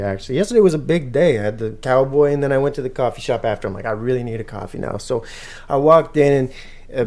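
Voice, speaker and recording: A man's voice: medium pitch, a little mellow. A man hosting a casual sports podcast, telling loose joking stories and running the segments. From Canada. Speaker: podcast host.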